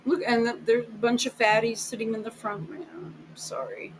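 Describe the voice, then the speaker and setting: A woman's voice: a little high, little pitch movement, brisk, noisy background. A woman giving blunt, sarcastic, profane reaction commentary over video clips as host of her channel.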